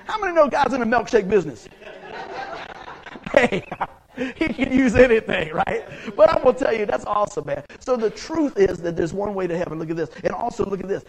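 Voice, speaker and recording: A middle-aged pastor delivers a sermon in a fairly high voice. He talks in a folksy, storytelling way and swings between soft, confiding asides and loud, excited outbursts. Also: low-quality recording.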